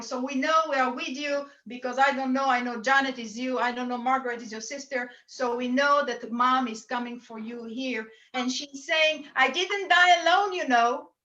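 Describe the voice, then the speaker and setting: A woman's voice: high voice, steady tone, normal speed, few pauses, bright, forceful tone, highs cut off. A woman serving as a spiritualist medium, earnestly relaying messages in quoted speech during a church service over a video call.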